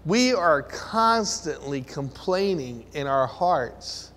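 Earnest high-voiced preacher in a reverberant hall. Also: male voice, slow. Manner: earnest, rhetorical questions, animated rises. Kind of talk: sermon. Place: room with listeners.

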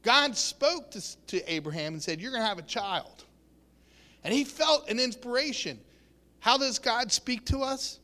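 High bright-voiced preacher in a hall. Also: male voice. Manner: earnest, acts out quotes, many restarts. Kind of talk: sermon.

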